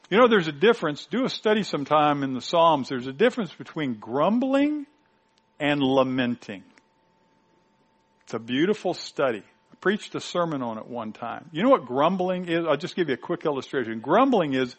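A man preaching a sermon, stressing points loudly and then dropping to quiet asides. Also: big pitch swings, normal speed. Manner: emphatic, swinging from loud high stresses to quiet low asides.

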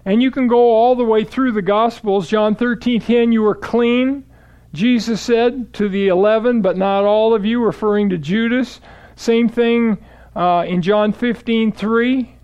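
High-voiced man teaching scripture. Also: a little slow, clean tone, lo-fi sound. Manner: steady explanatory delivery, quoting scripture aloud. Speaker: Bible teacher. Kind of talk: expository Bible teaching.

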